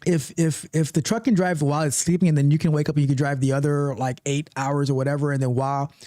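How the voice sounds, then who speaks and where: A man hosting a live tech stream, talking casually with animated, repetitive joking asides. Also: fairly high pitch, quick pace, no echo, studio quality. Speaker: livestream tech show host.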